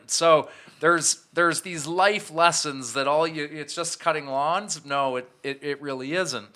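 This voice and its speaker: A man's voice: fairly high pitch, unhurried, bright, forceful tone. A man in his thirties, a podcast guest, telling a candid, self-reflective personal story with frequent restarts. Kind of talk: storytelling in an interview.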